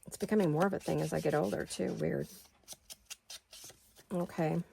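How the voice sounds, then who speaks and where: A woman's voice: fairly low pitch, steady tone, moderate pace, creaky, mellow, a little hiss or hum. A middle-aged woman hosting a craft video, chatting casually to her viewers and to herself as she works. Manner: chatty, talks to herself while working.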